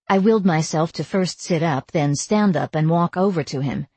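A woman narrating a first-person audiobook in an even storytelling voice with wry asides. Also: fairly low pitch, normal speed, hardly any pauses, slightly rough, no echo.

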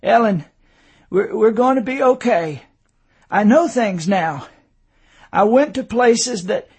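A man voicing a groggy, injured husband who speaks with effort and halting restarts. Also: sits high, animated, creaky, darkish tone, slightly rough, pitched above the performer's own voice, exaggerated voice.

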